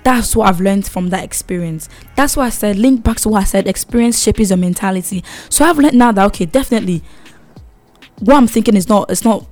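A woman's voice: mid-range voice, a little mellow, no room sound. A young adult woman talking casually to camera, giving advice in an emphatic way, often repeating herself and checking in with "okay?". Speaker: vlogger.

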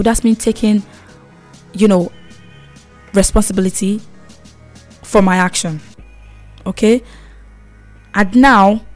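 A young woman with a mid-pitched voice talks straight to her viewers about growing up. She is emphatic and repeats key words. She keeps checking in with a quick "okay?", and faint music plays underneath. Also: darkish tone. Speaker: vlogger. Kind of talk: casual advice monologue.

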